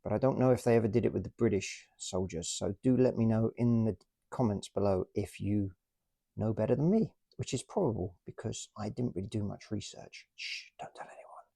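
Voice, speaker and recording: A man's voice: on the low side, a little fast, creaky, mellow, no echo, clean studio sound. A man hosting a casual show-and-tell about his toy collection, chatty and self-deprecating.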